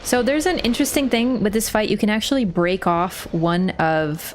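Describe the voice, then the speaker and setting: A woman's voice: mid-range voice, lively intonation, measured pace, slight background noise. A young woman streaming a game, chatting casually as she plays. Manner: chatty, sometimes switches to cooing baby talk. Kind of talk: casual gameplay commentary.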